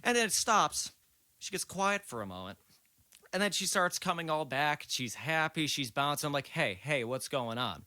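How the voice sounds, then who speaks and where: A man in his late twenties tells a long story as a podcast guest. His voice is bright, and he talks in a loose, rambling way full of swearing. The sound is dry and close. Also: on the high side, animated, normal speed, no room sound. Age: late 20s. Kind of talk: casual storytelling.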